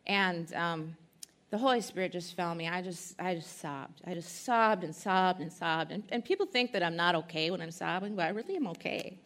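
A woman speaker at a church conference, telling an emotional testimony and teaching, earnest and halting with many fillers. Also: fairly low pitch, a bit bright.

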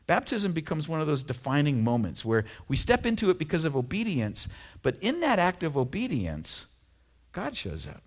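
A man's voice: fairly high pitch, wildly swooping pitch, moderate pace. A middle-aged man from Oregon preaching a sermon in a conversational, storytelling way with self-deprecating humor. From Oregon, USA. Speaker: pastor.

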